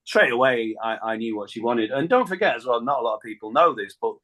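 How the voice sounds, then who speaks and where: A middle-aged man, a singer telling a lively anecdote in a radio interview and laughing often. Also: mid-range voice, quick pace. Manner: chatty storyteller, laughs often, acts out phone calls. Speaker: guest singer. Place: radio studio.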